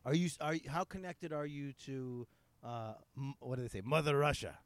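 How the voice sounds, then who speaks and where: A man hosting a casual interview, asking curious questions in an animated way and agreeing constantly. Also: medium pitch, fairly quick, clean tone, no room sound. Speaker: host.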